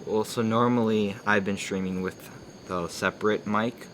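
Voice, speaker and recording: Casual male streamer, low voice, noisy outdoor recording with crickets. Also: steady tone, moderate pace, fairly bright tone. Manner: casual, fussing over stream problems. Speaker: livestream co-host. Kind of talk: casual livestream chat.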